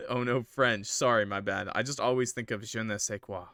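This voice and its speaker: A man's voice: mid-range voice, moderate pace, pushed and bright, no echo, clean studio sound. A man streaming, reading a visual novel aloud with casual, jokey asides.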